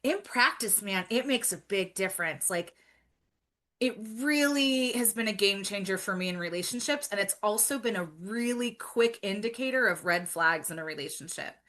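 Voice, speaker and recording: A woman's voice: mid-range voice, moderate pace, fairly bright tone. A woman guest on a podcast, talking earnestly and reflectively in casual chat, with frequent fillers.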